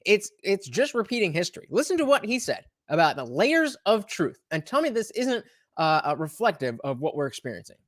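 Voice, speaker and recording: A man's voice: high-pitched, sing-song, a little fast, a bit bright, dry recording, studio quality. A man hosting a reaction video, giving emphatic commentary on the clip he is playing. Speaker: YouTube commentary host.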